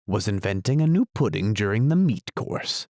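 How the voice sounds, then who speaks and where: A solemn, muddled knight forever musing over strange inventions, voiced by a man reading a storybook. He speaks gravely and thoughtfully in a low, gravelly voice, recorded close and dry. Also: very animated, normal speed, a little mellow, no room sound. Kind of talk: audiobook character voice.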